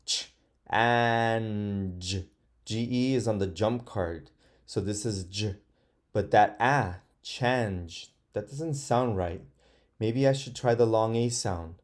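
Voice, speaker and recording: A male first grade teacher leads an online phonics lesson, patiently sounding out words for young learners. He speaks very slowly, with hesitant fillers and a mellow tone. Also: lowish voice. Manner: slow, patient, models sounding out words aloud.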